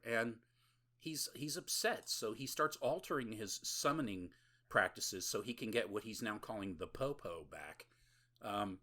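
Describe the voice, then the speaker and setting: A man's voice: fairly low pitch, bright, forceful tone. A man co-hosting a podcast, recapping a horror movie in casual, rambling, profane chat and laughing often. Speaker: podcast co-host.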